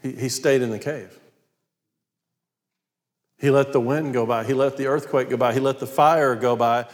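Man preaching under long reverb. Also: medium pitch. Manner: storytelling, emphatic retelling of scripture. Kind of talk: sermon.

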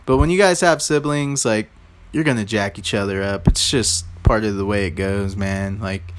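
A man's voice: on the low side, normal speed, background noise. A man hosting his own podcast, telling loose, rambling stories in a casual, informal way and often speaking to his listeners directly. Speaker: podcast host.

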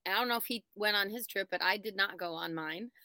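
A woman's voice: mid-range voice, a little fast, bright, forceful tone, dry recording. A young adult woman voice actor chatting casually on a panel in a bubbly, laughing way. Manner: bubbly, laughing, self-described nerd. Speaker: voice actor guest.

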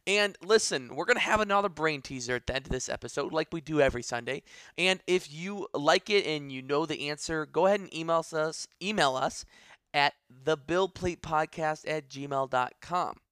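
A man's voice: fairly high pitch, normal speed, fairly bright tone, smooth, no echo. A man co-hosting a casual podcast, upbeat and teasing, on a close mic. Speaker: podcast co-host.

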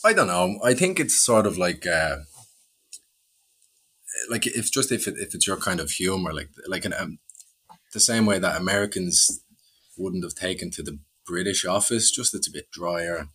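A young man with an Irish accent talks in a laid-back, wry way. His voice is very deep and a little husky. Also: animated, normal speed, pushed and bright. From Ireland. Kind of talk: casual chat.

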